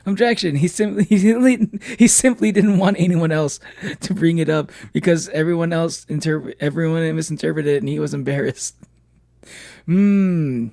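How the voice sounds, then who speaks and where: A man's voice: a little high, normal speed, vocal fry, mellow, no echo, studio quality. A man streaming a game, chatting playfully with viewers and laughing often. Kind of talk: casual let's-play chat with viewers.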